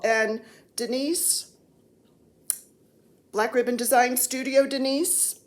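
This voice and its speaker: A woman's voice: sits high, lively intonation, slow, long pauses, a little mellow. A woman in her sixties chatting casually as a cross-stitch vlogger, rambling and joking while seated on the floor at home. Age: 60s. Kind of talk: casual chat.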